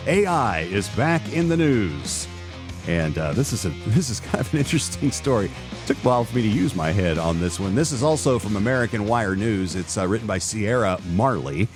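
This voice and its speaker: Lively low-voiced male podcast host. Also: normal speed, music in the background. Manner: chatty, self-interrupting with fillers and restarts. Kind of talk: solo podcast commentary, reading news aloud.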